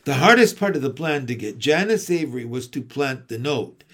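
A man reading a novel aloud in a measured storytelling manner. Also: mid-range voice, animated, a bit bright. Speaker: audiobook reader.

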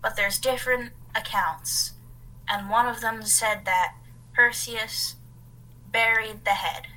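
A woman's voice: on the high side, fairly even intonation, takes it slowly, sharp tone, low-quality recording. A woman co-hosting a podcast, telling a story in a casual, rambling way as she reads from her notes and adds asides. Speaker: podcast co-host.

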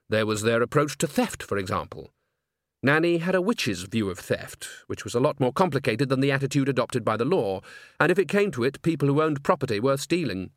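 A man narrating a comic fantasy novel in an even, wry storytelling manner. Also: mid-range voice, no echo, studio quality. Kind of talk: audiobook narration.

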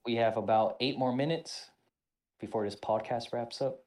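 A man hosting a casual podcast chat, an army veteran telling stories in a profane, animated way. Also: mid-range voice, normal speed. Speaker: podcast host.

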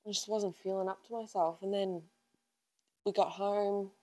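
A woman's voice: medium pitch, fairly even intonation, normal speed, a little mellow, rough recording. A woman in her twenties, co-hosting a podcast in casual chat and telling a personal story in a chatty way, acting out her own past lines. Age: 20s. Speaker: podcast co-host.

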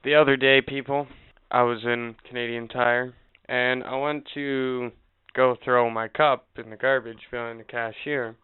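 A man co-hosting a podcast, telling stories in casual chat, animated and profane, acting out what others said. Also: medium pitch, a little slow, clean tone. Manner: animated, profane, acts out quotes. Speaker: podcast co-host. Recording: tinny phone-like sound.

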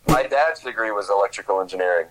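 A man's voice: on the low side, expressive, fast talker, fairly bright tone, low-quality recording. A young man chatting casually as a podcast guest, rambling and hesitant, with a laid-back way of talking. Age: young adult. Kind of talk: casual chat.

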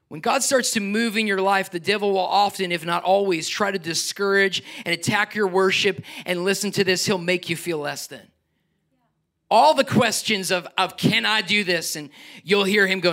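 Preaching to his flock at a normal speed, this pastor has a bright, high-sitting voice and an animated style. Loud bursts of exhortation give way to quiet, intimate asides about himself.

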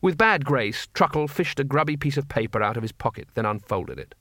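A man narrating an audiobook in a measured, wry storytelling manner. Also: medium pitch, lively intonation, bright, forceful tone, dry recording, studio quality.

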